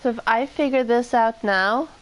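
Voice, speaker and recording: A woman's voice: a little high, moderate pace, rough recording. A woman streaming a video game, reading the text aloud and then musing casually, with some swearing.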